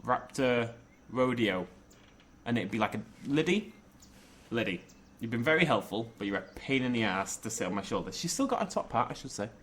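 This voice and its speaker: A man's voice: medium pitch, sing-song, fast talker, fairly bright tone, slight background noise. A young man giving casual, jokey game commentary, rambling and correcting himself as he plays. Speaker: gaming YouTuber.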